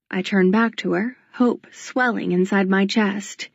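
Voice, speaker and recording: A woman narrating a first-person audiobook in a subdued, measured reading. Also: medium pitch, fairly even intonation, gravelly, no echo. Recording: dull lo-fi dry recording.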